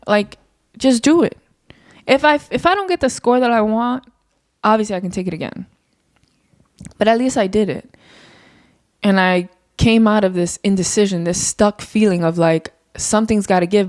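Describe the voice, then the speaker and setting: A young woman talks through a solo podcast episode, unscripted and candid, drifting from thought to thought and swearing now and then. Her pitch sits in an ordinary middle range but jumps up when she gets worked up. The sound is dry and close, with no room around it. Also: normal speed, darkish tone, no echo. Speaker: podcast host. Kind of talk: casual solo podcast monologue.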